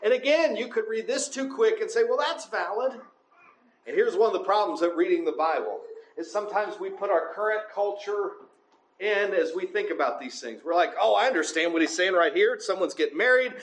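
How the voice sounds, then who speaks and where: High-pitched male preacher, conversational sermon delivery. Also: lively intonation, fairly quick, roomy sound, slight background noise, rough recording. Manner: conversational, often asks the congregation "right?".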